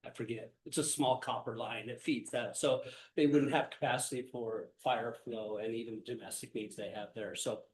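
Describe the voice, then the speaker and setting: A man's voice: medium pitch, steady tone, darkish tone, slight background noise, low-quality recording. A man giving a city manager's report at a council meeting, nasal from a cold and full of fillers. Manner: halting, many fillers. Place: city council meeting over video call.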